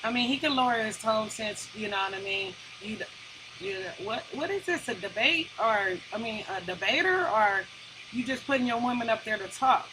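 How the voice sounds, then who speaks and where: Woman co-host, fairly high voice, sarcastic and animated, with steady noise behind. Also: moderate pace. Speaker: co-host reacting to a debate. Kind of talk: casual commentary. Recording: noisy background.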